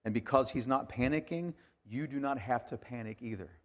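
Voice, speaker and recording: Man preaching, hushed to emphatic. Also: mid-range voice, a little fast. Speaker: pastor. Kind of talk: sermon.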